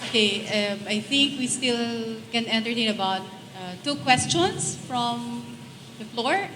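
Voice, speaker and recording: A woman's voice: a little high, unhurried, fairly bright tone. A woman moderating a panel, politely reading questions and inviting the floor. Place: large event hall. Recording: echoey hall, noise behind.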